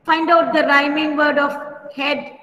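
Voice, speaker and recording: A woman teacher leading an online class for young children, speaking slowly and patiently, repeating words and calling pupils by name over a computer mic. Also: high voice, level tone, sharp tone, dull audio. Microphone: computer mic on a video call. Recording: echoey room with long reverb.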